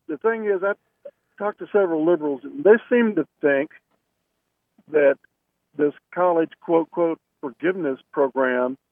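A man from Alabama calling into a radio show, speaking haltingly as he searches for words. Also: a little high, no echo. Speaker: caller. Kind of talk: call-in phone conversation. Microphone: telephone. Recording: tinny phone line.

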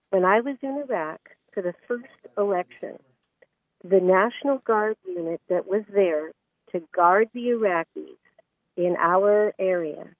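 A woman's voice: mid-range voice, dry recording. A woman calling in to a radio talk show, telling an earnest, emotional story. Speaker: caller. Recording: tinny phone line, dry.

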